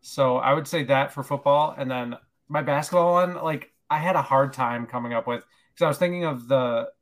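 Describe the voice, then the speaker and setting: A man's voice: medium pitch, normal speed. A man appearing as a guest on a sports podcast, chatting casually and rambling, with lots of filler words and self-deprecating remarks.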